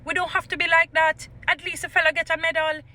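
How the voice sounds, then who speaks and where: A woman's voice: extremely high pitch, flat delivery, fast talker, sharp tone, no echo. A Jamaican woman giving impassioned opinion commentary in a vlog, slipping into patois and often restarting her sentences. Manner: impassioned, mixes patois into English, many restarts. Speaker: vlogger.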